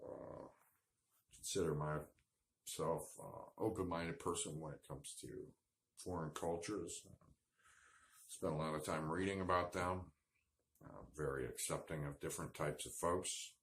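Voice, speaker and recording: A man's voice: a bass voice, a little slow, creaky, a little hiss or hum. A man telling a rambling, self-deprecating story in a casual vlog, with lots of fillers. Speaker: vlogger.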